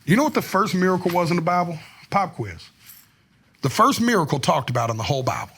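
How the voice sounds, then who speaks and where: Husky, high-voiced man telling animated stories. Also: fast. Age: adult, married. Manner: animated, profane storytelling. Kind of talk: casual chat.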